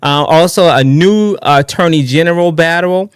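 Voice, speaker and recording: Excitable man hosting a livestream. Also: on the high side, normal speed, smooth, dry recording, clean studio sound. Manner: excitable, rambling, restarts often, sings and shouts greetings. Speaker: livestream political show host. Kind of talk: casual live-stream talk.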